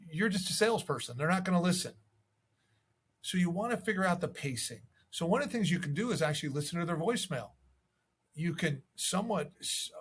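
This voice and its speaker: Coaching real estate agents in a relaxed video to camera, this man performs example voicemails as he talks. His voice is a little high, a bit bright and slightly rough.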